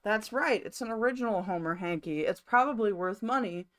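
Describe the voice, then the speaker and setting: A woman's voice: medium pitch, expressive, fairly quick, few pauses. A woman live streaming from her own room, chatting casually to her viewers in a rambling, mildly profane way.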